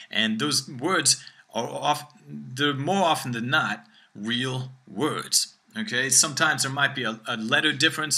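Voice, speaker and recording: A man teaching a language lesson, checking in with "all right?" after nearly every phrase and slowing down to demonstrate words. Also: mid-range voice, bright, forceful tone, breathy edge.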